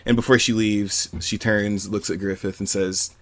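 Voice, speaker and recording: A man's voice: fairly low pitch, normal speed. Laid-back man retelling a comic. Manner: animated storytelling with quoted voices and swearing. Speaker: podcast co-host. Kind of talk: casual retelling of a manga chapter. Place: home with cats nearby.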